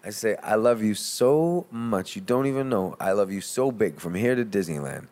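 A man talking earnestly and playfully as a guest in an archived interview, with halting restarts. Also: on the low side, expressive, a little mellow. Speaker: guest singer. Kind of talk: casual interview chat.

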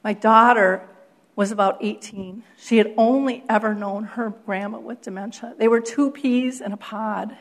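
A middle-aged woman giving a keynote talk, telling a story with lively acted quotes and frequent laughter. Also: on the high side, moderate pace. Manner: animated storyteller, acts out quotes, laughs often. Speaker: keynote speaker.

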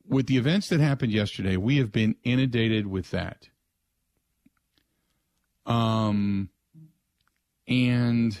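Low-voiced older man hosting sports radio. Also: dry recording. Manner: conversational, rambling, repeats call-in number. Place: radio studio. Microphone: close studio mic.

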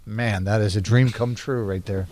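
A man's voice: on the low side, normal speed. A man co-hosting a radio show, telling stories in casual banter and mimicking other people's voices. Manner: animated storytelling, mimics others.

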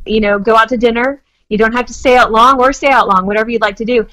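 A woman's voice: fairly high pitch, fairly even intonation, fast talker, fairly bright tone, rough recording. Earnest woman guest in her forties. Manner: earnest, searching for words, many fillers. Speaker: marriage advice guest. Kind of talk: casual chat.

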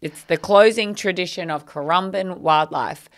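Animated woman telling a story. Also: fairly low pitch, normal speed. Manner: animated, acts out quotes, swears freely. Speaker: podcast co-host. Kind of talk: casual storytelling chat.

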